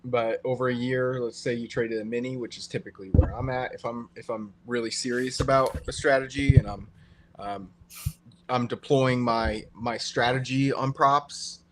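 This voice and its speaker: Male co-host, relaxed explainer, medium-pitched voice. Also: a little hiss or hum. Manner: relaxed explaining, with many fillers. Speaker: co-host and trader. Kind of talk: casual live-stream chat.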